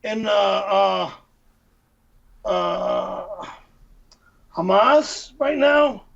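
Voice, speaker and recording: High, gravelly man with blunt remarks. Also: lively intonation, extremely slow, a bit bright, muffled recording. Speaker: show host. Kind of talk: casual livestream chat.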